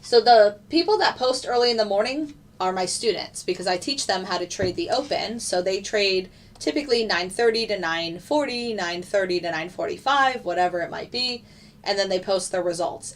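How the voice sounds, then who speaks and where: A woman's voice: mid-range voice, fairly quick. A woman with a mid-range voice hosts a casual live stream. She talks in a chatty way, reads out viewers' messages and walks through her trades as they happen. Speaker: trading streamer.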